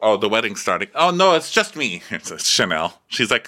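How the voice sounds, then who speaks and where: A man's voice: lively intonation, moderate pace, hardly any pauses, bright, forceful tone. A man co-hosting a podcast, casually recapping a reality show and mockingly acting out the cast. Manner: mocking, acts out cast members in high voices. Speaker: podcast co-host.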